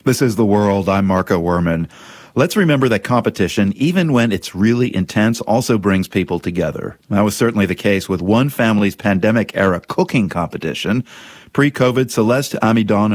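A man hosting a radio program, reading a measured scripted introduction. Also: lowish voice, no echo, studio quality. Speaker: radio news host.

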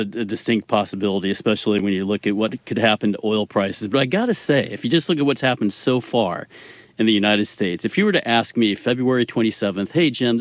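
Male expert guest, low voice, measured conversational delivery. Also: dry recording. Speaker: energy research executive guest. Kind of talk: radio interview.

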